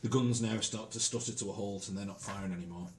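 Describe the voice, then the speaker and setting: A man's voice: on the low side, quick pace, echoey room, heavy background noise. A man narrating as game master, hesitant, with lots of ums.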